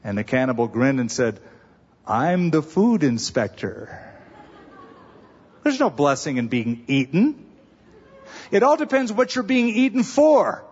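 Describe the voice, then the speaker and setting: A man's voice: on the high side, big pitch swings, moderate pace, husky. A man preaching a sermon as pastor, conversational with humor and emphatic stresses. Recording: dull reverberant sanctuary recording.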